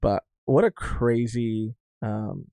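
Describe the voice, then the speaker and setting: A man with a lowish, creaky, warm voice talks slowly, co-hosting a podcast in studio-quality sound with no room noise. He chats casually and animatedly while reviewing a manga chapter, swearing freely and often restarting his sentences.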